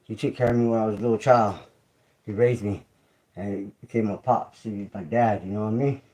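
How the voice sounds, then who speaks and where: A man's voice: fairly low pitch, steady tone, brisk, darkish tone, poor audio. A man hosting his own livestream, talking loosely and conversationally, repeating phrases and asking listeners "you feel me?". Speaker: YouTube creator and livestream host. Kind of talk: casual livestream monologue.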